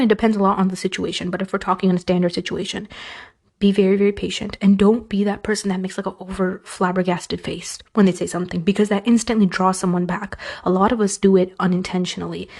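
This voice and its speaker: A young woman in casual conversation gives advice on her own podcast. She talks in an animated way and slips into quick impressions of the people she quotes, with a natural, mid-range voice. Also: mid-range voice. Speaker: podcast host giving advice.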